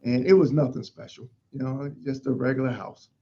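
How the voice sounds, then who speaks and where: Emphatic fire chief telling a story. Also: male voice, medium pitch, a little fast, husky, lo-fi sound. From Pennsylvania, USA. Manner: emphatic, animated storytelling with acted-out quotes. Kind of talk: storytelling in an interview.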